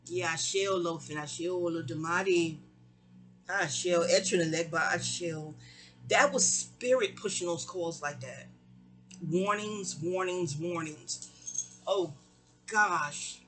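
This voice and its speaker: A woman's voice: unhurried, faint music behind. A middle-aged woman telling a long, rambling personal story and acting out the people in it. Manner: animated, digressive, acts out quoted voices with sharp pitch jumps.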